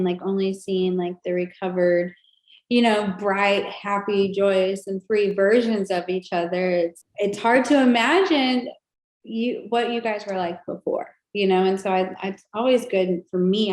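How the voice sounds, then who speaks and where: A woman's voice: mid-range voice, fairly even intonation, unhurried, darkish tone. A woman hosting a podcast interview, speaking in a reflective, rambling way. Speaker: podcast host. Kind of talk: casual interview chat. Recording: echoey room.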